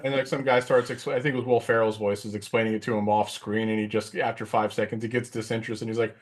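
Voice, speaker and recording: A man's voice: fairly low pitch, little pitch movement, fast talker. Rambling middle-aged man telling a story. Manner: rambling, filler-heavy storytelling. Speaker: podcast co-host. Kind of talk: casual chat.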